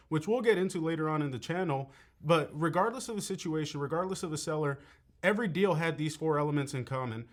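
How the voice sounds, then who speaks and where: A young man giving a sales training lesson in a conversational way, often checking in with "right?". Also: on the high side. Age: young adult. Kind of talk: coaching talk.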